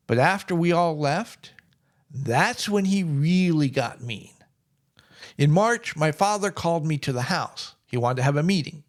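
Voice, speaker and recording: A man's voice: on the high side, animated, unhurried. A middle-aged man telling a personal story in a plainspoken, wry way. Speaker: vlogger.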